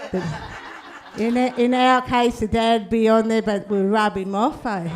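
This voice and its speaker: A woman's voice: fairly high pitch, level tone, unhurried. A middle-aged woman, telling stand-up stories in a laid-back, cheeky way and tagging lines with "eh?". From Australia. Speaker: comedian. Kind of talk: stand-up storytelling.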